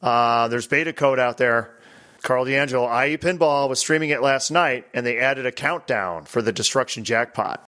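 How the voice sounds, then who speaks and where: A man hosting a casual podcast chat, animated and quick to break into mock voices and laughter. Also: medium pitch. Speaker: podcast host.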